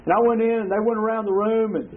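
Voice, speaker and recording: A man's voice: high voice, steady tone, fast. A man giving his personal testimony at a recovery meeting, rambling and earthy, leaning on "you know". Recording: tinny phone-like recording with faint hiss.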